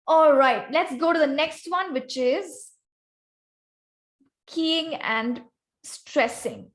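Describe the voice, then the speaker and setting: A woman whose voice sits high and moves very slowly presents on voice technique as a guest speaker at an online club meeting. She teaches over a video call, addressing members by name, with vocal variety as her topic.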